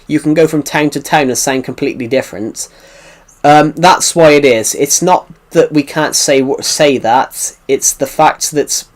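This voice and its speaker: Rambling British man, slightly high voice. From United Kingdom. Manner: rambling, circles back and repeats himself. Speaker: livestreamer answering chat. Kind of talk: casual live-stream chat.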